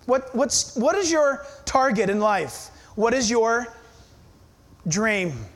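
A man with a strikingly high voice preaches a sermon. He presses each point hard and keeps throwing pointed questions at his congregation. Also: sing-song, slow. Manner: emphatic, fires rhetorical questions at listeners. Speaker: pastor.

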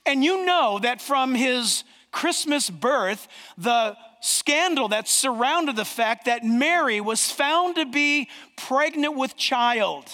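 A man preaching a sermon as a pastor, emphatic, with dramatic pauses. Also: extremely high pitch, pushed and bright, big-room sound.

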